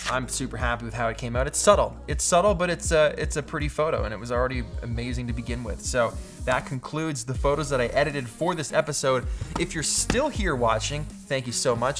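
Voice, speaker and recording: A man's voice: mid-range voice, lively intonation, brisk, a bit bright, soft background music. A Canadian man in his thirties, casually talking through photo edits in an upbeat, joking vlog style. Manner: upbeat, joking, goes off on tangents. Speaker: photo-editing YouTuber.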